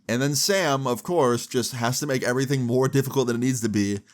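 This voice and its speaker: A man's voice: medium pitch, fairly quick. Young man telling a casual story. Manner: casual, swears freely, lots of "like" fillers. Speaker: storytime vlogger.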